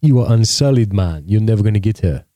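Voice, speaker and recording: Picture a lovesick young soldier boasting to his comrades in a mock Jamaican accent, as a man puts him on. He is earnest and deep-voiced, and he keeps calling everyone "bro." The voice is recorded dry and close. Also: expressive, quick pace, mellow, no echo, close to an everyday voice. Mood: teasing.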